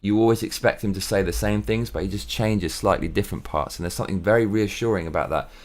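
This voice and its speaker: A man with a somewhat low voice, chatting to camera in a loose, rambling monologue. He bounces from thought to thought with excitable bursts and casual swearing, recorded at home. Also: fast talker. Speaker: vlog host.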